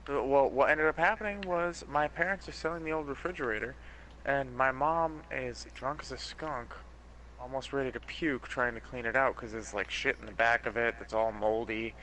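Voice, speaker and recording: A young man chatting casually on a gaming stream, telling an animated story about a family argument. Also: mid-range voice, normal speed, a little hiss or hum, rough recording.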